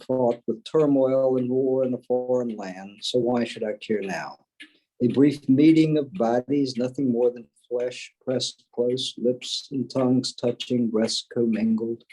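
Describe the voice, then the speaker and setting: A man reading his own poem aloud, slow and measured, with a wistful tone. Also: mid-range voice, a little mellow, slightly rough, low-quality recording. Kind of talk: poetry reading.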